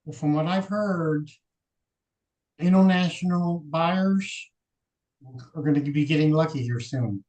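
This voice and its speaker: A man's voice: fairly high pitch, unhurried, pauses often, a little mellow, rough recording. A man from Texas chatting casually as a livestream guest, easygoing and telling stories. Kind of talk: casual chat.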